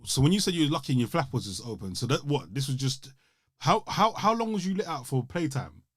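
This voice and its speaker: A man's voice: mid-range voice, animated, fast, fairly bright tone. A man co-hosting a podcast in casual chat, reacting with big exclamations and frequent laughter. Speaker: podcast co-host.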